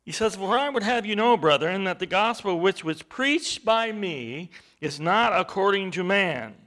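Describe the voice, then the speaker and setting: A man preaching a sermon, halting with fillers at times and then rising to loud, stressed points. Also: sits high, animated.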